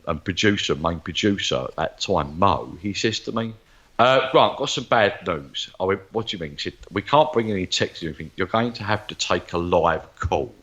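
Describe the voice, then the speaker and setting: A man appears as a guest psychic medium in a storytelling interview chat, animatedly recounting stories and acting out the voices of people he quotes. His voice is lowish with a fairly bright tone, and the recording is muffled.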